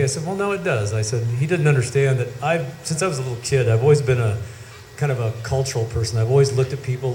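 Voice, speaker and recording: A man's voice: mid-range voice, dark tone, slight background noise. A middle-aged man with a head cold, giving a rambling, anecdotal eulogy at an outdoor gathering. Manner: rambling anecdotal storytelling with self-corrections. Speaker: eulogy speaker. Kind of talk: storytelling eulogy. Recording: echoey with faint ambience.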